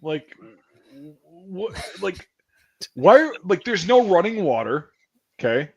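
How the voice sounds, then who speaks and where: A man's voice: high voice, slow, breathy edge. A man hosting a casual chat, telling army stories in a loose, profane way. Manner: animated, profane storytelling. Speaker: podcast host. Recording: dull lo-fi sound.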